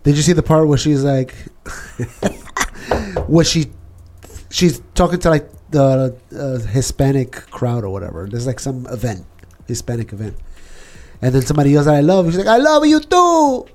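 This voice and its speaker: A man's voice: mid-range voice, moderate pace, slight background noise. A man co-hosting a casual stream, rambling and joking as he tells stories. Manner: joking, rambling, animated storytelling. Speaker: stream co-host.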